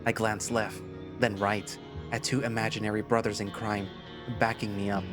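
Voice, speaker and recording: A man narrating a first-person story in a lively storytelling manner. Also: on the low side, moderate pace. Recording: music playing behind.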